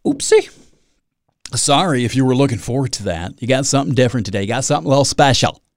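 Gravelly, animated man hosting a podcast. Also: mid-range voice, racing, no echo, studio quality. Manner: rambling, self-mocking, with dramatic asides. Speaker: podcast host. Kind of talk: solo podcast monologue.

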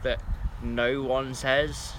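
A man co-hosting a podcast in casual chat, earnest and quick to laugh. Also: mid-range voice, flat delivery. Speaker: podcast co-host. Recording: noisy background.

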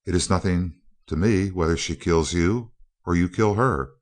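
A man reading as a cold, calm scientist villain. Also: deep voice, normal speed, close to an everyday voice. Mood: coldly calm. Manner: cool, even and clipped. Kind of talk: audiobook character voice.

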